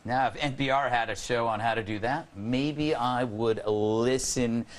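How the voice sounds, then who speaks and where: A man's voice: medium pitch, measured pace. A man hosting a late-night panel show, joking and laughing often. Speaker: talk show host.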